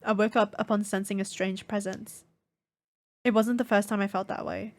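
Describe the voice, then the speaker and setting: A woman's voice: medium pitch, fairly even intonation, normal speed. A slightly sick woman streamer reading game dialogue aloud dramatically, with casual asides. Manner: reads lines dramatically, breaks off into casual asides with laughs. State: a little sick, stuffy. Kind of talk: game playthrough with voiced reading.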